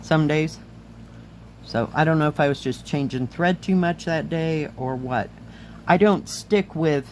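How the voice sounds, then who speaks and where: Chatty slow-talking woman, a bit hoarse. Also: deep voice, lively intonation, darkish tone, slight background noise. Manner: chatty, enthusiastic, talks while handling items. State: slightly hoarse, losing her voice. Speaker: craft vlogger reviewing kits. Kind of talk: casual chat.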